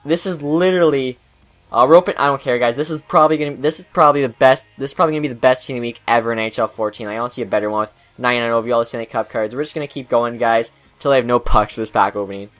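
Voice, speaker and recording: Excitable young man opening game card packs. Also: mid-range voice, rapid-fire, soft background music. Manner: excitable, swearing, groaning at bad luck. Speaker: gaming channel host. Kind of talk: pack opening commentary.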